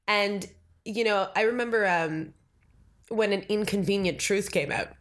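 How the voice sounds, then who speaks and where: A woman's voice: mid-range voice, a little slow. A woman in her thirties, a political candidate, talking casually in an interview with many fillers and acted-out quotes. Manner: chatty, many fillers, acts out quoted talk. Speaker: Green Party candidate. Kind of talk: conversational interview.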